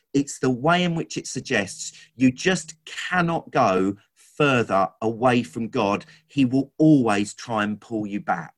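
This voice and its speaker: A man preaching a sermon, retelling scripture in an animated, storytelling way. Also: medium pitch.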